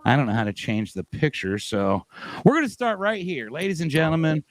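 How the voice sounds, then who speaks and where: Man, podcast host, upbeat, joking, dry close sound, mid pitch. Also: very animated, moderate pace, no room sound. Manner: upbeat, joking, hypes up coworkers. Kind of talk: casual company podcast chat over video call.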